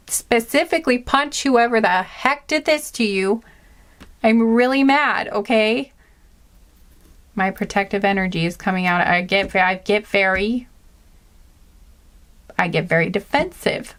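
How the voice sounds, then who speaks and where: A young woman giving a casual tarot reading, talking in an animated, indignant way, rambling with many restarts and filler words. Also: medium pitch. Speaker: tarot reader.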